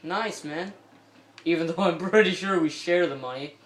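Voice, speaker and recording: A man's voice: on the high side, moderate pace, a bit bright. Chatty man narrating his gameplay. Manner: rambling, self-interrupting, chatty asides to viewers. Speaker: video game commentator. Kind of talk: casual gameplay commentary.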